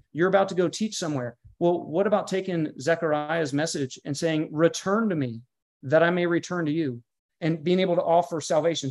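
A man's voice: on the high side, a little mellow. A man who is a pastor and guest author, speaking in a podcast interview with an emphatic, preacher-like manner that builds through lists and repeated phrases. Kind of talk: podcast interview, earnest teaching tone.

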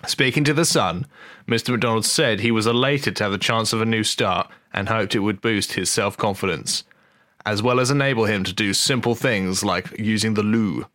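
A podcast host with a lowish voice reads a news story aloud and riffs on it. He is wry and loose, swears freely and trips over the lines. The recording is close and dry, with no room sound. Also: normal speed, fairly bright tone, no echo. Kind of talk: casual comic chat reading a news story aloud.

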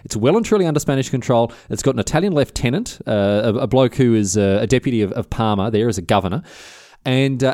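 A man's voice: mid-range voice, a little mellow, dry recording, clean studio sound. A man hosting a comic history podcast, rambling and jokey, often cutting himself off. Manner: rambling, jokey, self-interrupting. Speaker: podcast host.

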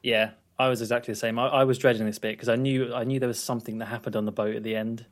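A man's voice: medium pitch, little pitch movement, very fast. Joking man reacting on a podcast. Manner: joking reactions, laughs easily. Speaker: podcast co-host. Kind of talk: casual film discussion.

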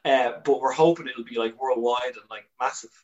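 An Irish man, a comedian guest on a podcast, telling candid stories with animated energy and frequent swearing. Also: mid-range voice, normal speed, highs cut off. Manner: animated storyteller, swears freely, restarts often.

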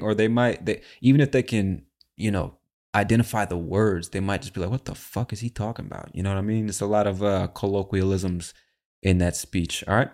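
A man's voice: deep voice, darkish tone. A man hosting an English-learning show, chatting casually and talking directly to the listener as "my friend.". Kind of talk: casual podcast talk.

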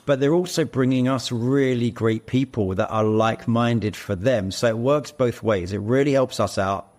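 A man's voice: medium pitch, moderate pace, a little mellow. A man who is an actor and co-founder, speaking as a podcast guest and telling stories animatedly. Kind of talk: casual interview.

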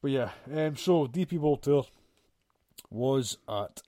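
A man's voice: medium pitch, animated, slow pace, mellow, dry recording, clean studio sound. A man co-hosting a casual podcast chat, blunt and sweary, ranting with plenty of filler. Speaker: podcast co-host.

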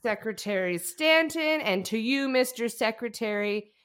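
A woman voicing a drunk male politician who rambles loudly through a speech. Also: on the high side, animated, a little slow, smooth, voice pushed up. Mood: drunk bombast. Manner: loud, declaiming, rambling.

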